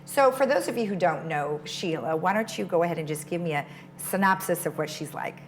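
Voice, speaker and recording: A woman's voice: fairly low pitch, animated, brisk, a little hiss or hum. A woman hosting a community television interview, upbeat and encouraging as she draws out her guests. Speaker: TV show host. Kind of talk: friendly interview chat. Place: television studio.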